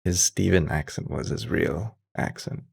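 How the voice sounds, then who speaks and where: Man, podcast co-host, laid-back casual chat, very low pitch, creaky. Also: a little slow, darkish tone.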